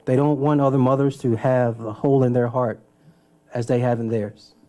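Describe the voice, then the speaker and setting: A man, a city mayor, giving a solemn, measured speech at a press conference. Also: mid-range voice, fairly even intonation, mellow.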